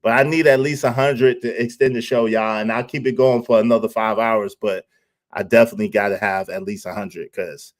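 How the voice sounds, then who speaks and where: A man's voice: fairly low pitch, fairly even intonation, brisk. A man hosting a live stream in casual chat, talking animatedly, teasing the viewers and laughing often. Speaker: livestream host.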